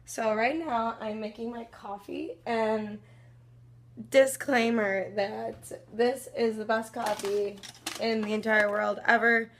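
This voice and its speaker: A woman's voice: on the high side, fairly even intonation, takes it slowly, a bit bright. A young woman in her twenties vlogging at home in the morning, chatting in a rambling way full of fillers, with a groggy morning voice. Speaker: fitness vlogger. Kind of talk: casual morning vlog chat.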